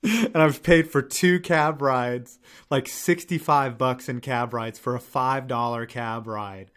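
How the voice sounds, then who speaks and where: A man's voice: mid-range voice, slow pace, smooth. Profane, rambling young male show host. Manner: animated, profane, rambling with restarts and laughs. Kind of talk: casual storytelling chat.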